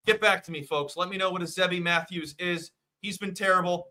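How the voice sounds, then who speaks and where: A man hosting a sports betting show, talking in a hyped, jokey, fast-riffing way. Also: sits high, steady tone, bright, forceful tone. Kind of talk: casual sports betting chat.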